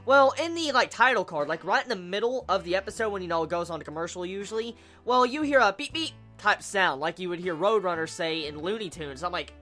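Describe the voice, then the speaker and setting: Excitable, swearing anime reviewer, faint music. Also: medium pitch, a little fast, hardly any pauses. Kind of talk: casual video review.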